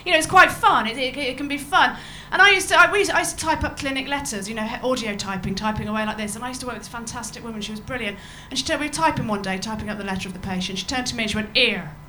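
A woman's voice: fairly high pitch, racing, few pauses, sharp tone, a little hiss or hum. A woman doing a stand-up set to a live audience, chatty and bawdy, laughing at her own jokes. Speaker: stand-up comedian. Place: comedy venue with a live audience.

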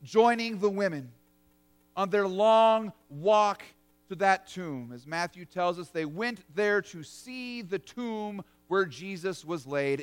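A man's voice: high voice, smooth. A man preaching a sermon as pastor, telling it in a vivid, conversational storytelling way.

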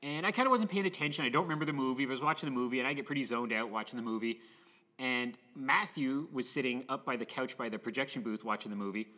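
A Canadian man tells a rambling story in a bright, forceful voice, full of restarts and quick acted-out lines. The room rings with a long reverb. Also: mid-range voice. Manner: animated, lots of restarts and acted quotes. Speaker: cinema staff storyteller. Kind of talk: casual storytelling chat.

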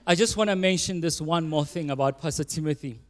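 A man's voice: fairly high pitch, a little fast. Man introducing a speaker, church reverb. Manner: reads a bio with teasing asides. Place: church auditorium. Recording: long hall reverb.

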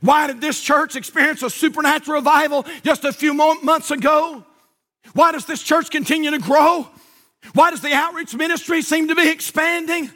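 High, bright-voiced preacher man. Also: fairly even intonation, moderate pace. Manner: impassioned, shouting with rhythmic repetition. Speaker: pastor. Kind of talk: sermon.

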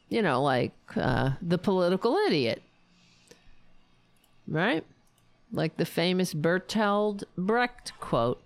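A woman's voice: lowish voice, big pitch swings, slow, creaky, dry recording. A woman hosting a political talk show, ranting with profane, sarcastic mockery. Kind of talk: angry political commentary.

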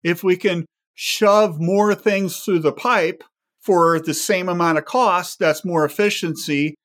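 Panel guest, male, higher-pitched, explains patiently through rhetorical questions. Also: steady tone, slow pace, fairly bright tone. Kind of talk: podcast panel discussion.

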